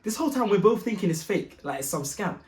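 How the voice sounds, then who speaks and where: A young man telling a story in a slangy, animated way, acting out the other people's voices. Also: fast talker. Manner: slangy, acts out voices, gets loud and high when excited. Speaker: guest telling his story. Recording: echoey room.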